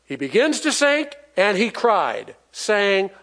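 A man's voice: high-pitched, sing-song, slow, fairly bright tone. A man preaching a sermon in a folksy, emphatic way, asking the congregation for responses and chuckling as he goes.

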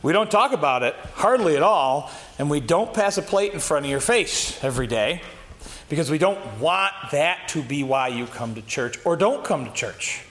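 A man's voice: on the high side, lively intonation, moderate pace, a bit bright. A man teaching an adult Sunday school class, reading scripture and talking it through plainly with questions to the class. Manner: reads scripture aloud, then talks it through plainly, asking the class questions. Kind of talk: Bible lesson.

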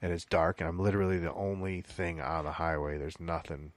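A man's voice: low voice, steady tone, fairly quick, no room sound. A man co-hosting a casual podcast, telling stories in a laid-back way and swearing often. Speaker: podcast co-host.

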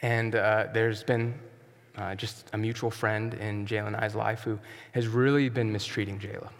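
A man preaching a sermon as pastor, earnest and emphatic, sometimes dropping to a soft, quiet tone. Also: lowish voice, little pitch movement, normal speed, long reverb tail. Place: church sanctuary.

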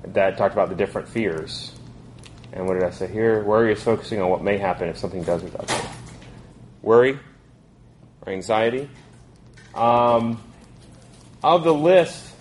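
A man in his thirties leads a group Bible study. His voice sits low, and he talks casually, full of "um"s and restarts. A soft hiss of room noise stays underneath him. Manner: conversational, with frequent fillers and restarts.

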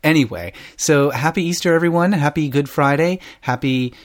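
Casting: playful, bantering male co-host, slightly high voice. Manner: playful, quick banter, eager questions. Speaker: podcast co-host. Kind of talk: casual comedic chat.

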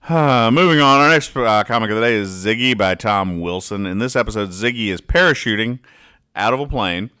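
A man hosts a casual comics read-aloud show. His voice sits on the low side but comes across bright and forceful. He talks haltingly, with plenty of "uh" and restarts, and dryly explains the jokes. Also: animated, clean tone. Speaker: podcast host reading comics aloud.

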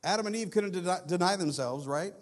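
A man with a high voice delivers a sermon as a guest pastor. He builds through repeated phrases, pushing up into urgent, loud stretches and then dropping low and hushed. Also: a little fast. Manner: swings between loud urgent passages and hushed low ones.

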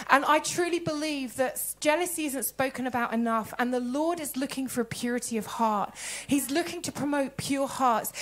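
Woman, high-pitched, sermon, animated, laughs often. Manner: animated, laughing, acting out quoted voices. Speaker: preacher.

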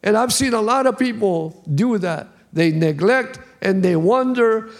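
A man's voice: high voice, animated, a little slow. A man preaching as a pastor, in an emphatic style with a lot of repetition. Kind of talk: sermon.

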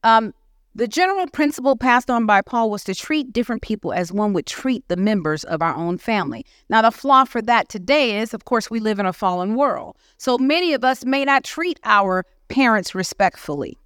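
A woman preaching to a women's session at church, lively and conversational. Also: on the high side, normal speed, clean tone, no echo, studio quality. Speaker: guest speaker. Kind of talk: teaching sermon. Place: church hall.

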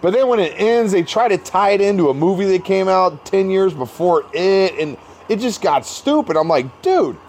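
A man's voice: high voice, normal speed, hardly any pauses, slight background noise. A man co-hosting a podcast in casual chat, telling stories with acted-out quotes and plenty of swearing. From American Midwest. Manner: animated storyteller, acts out his own quotes, swears freely. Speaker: podcast co-host.

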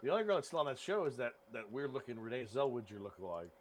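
A man's voice: medium pitch, very animated, quick pace. A man co-hosting a podcast, talking in casual, blunt and irreverent banter. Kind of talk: casual chat.

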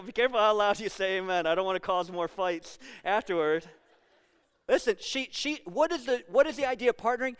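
A man's voice: high-pitched, clear, resonant tone. A man preaching a sermon as pastor, conversational and joking with the congregation, then pressing his points with emphasis.

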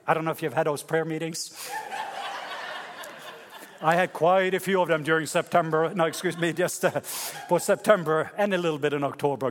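A male preacher tells a story in a lively, high-pitched voice, swinging between loud bursts and quiet, hushed passages. His voice echoes around a large hall with long reverb, as at a live church service. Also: fairly quick. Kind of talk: sermon.

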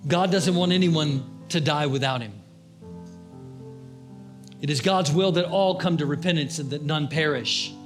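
High-voiced preaching man, soft music behind. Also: measured pace, long pauses. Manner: impassioned preaching, rising and dropping to hushed tones. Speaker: pastor. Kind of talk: sermon.

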